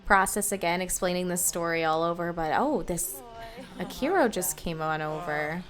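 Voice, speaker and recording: A woman's voice: fairly low pitch, normal speed, music in the background, natural voice. A woman voicing a friendly young female game character who has just moved to the city, talking in a breezy, easygoing way.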